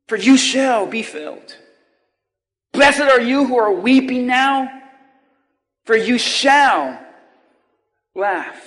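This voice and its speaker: Man, pastor, high voice, slow emphatic sermon, call-and-response, reverberant church hall. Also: expressive, a bit bright. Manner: preaching with call-and-response to the congregation; slow, drawn-out emphatic delivery. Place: church sanctuary.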